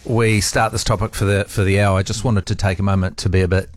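A man, a radio host giving a halting, emotional tribute to a friend on air. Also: low voice, level tone, soft background music. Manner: halting, emotional, many restarts.

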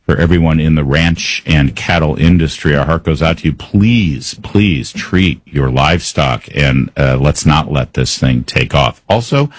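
Low husky sarcastic male talk host. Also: unhurried, hardly any pauses, dry recording. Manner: sarcastic, exasperated asides. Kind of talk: opinionated news commentary.

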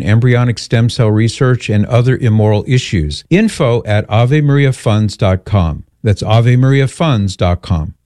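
A male radio host with a lowish, mellow voice who talks in an easy, relaxed way. He jokes with callers and lays out his answers at length. The sound is dry and close, from a studio mic. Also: no echo. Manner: relaxed, joking, explains at length. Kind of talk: call-in radio talk.

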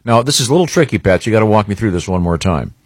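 A man's voice: lowish voice, expressive, rapid-fire, slightly rough, dry recording. A man hosting a radio show, trading teasing banter and steering the segment back on topic. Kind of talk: casual studio banter.

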